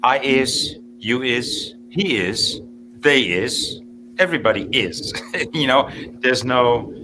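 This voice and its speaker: A man's voice: mid-range voice, slow, noisy background. A Dutch man chatting casually in English, telling stories with laughs and restarts. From Netherlands. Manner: laughing, animated storyteller with restarts. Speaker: chat host. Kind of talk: casual chat.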